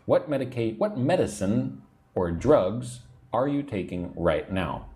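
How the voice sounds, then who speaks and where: A man teaching an English lesson on a livestream, chatting, reading out viewer comments, and drilling words slowly. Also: lowish voice, big pitch swings, mellow. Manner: chatty, reads viewer comments aloud, slow drilled pronunciation.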